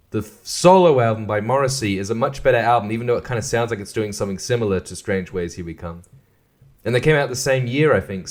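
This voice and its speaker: A man hosting a solo podcast, rambling and swearing freely, laughing often and stumbling over restarts. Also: mid-range voice. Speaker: podcast host.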